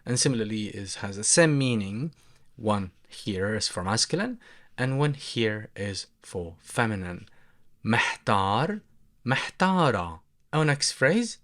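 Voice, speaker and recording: Levantine-accented male language tutor, low voice, slow patient repetition drills. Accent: Levantine Arabic. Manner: slow, repeating phrases for practice. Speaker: language teacher. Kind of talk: explaining Arabic phrases.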